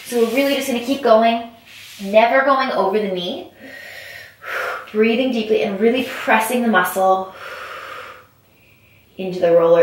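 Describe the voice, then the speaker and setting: A woman fitness instructor talks viewers through an exercise while she does it on the floor. Her coaching is upbeat and direct. Her voice sits at an ordinary middle pitch, recorded from a distance in a very echoey room. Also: normal speed, pauses often. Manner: upbeat coaching, addresses viewers as you guys. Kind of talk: instructional workout video. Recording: very echoey room, mic far off.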